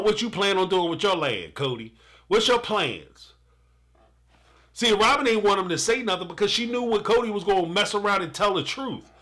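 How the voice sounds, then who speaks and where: A live-stream reaction host with a high, fairly bright voice rants about a reality show, fired up and speaking straight to the viewer. Laughter breaks into his animated commentary.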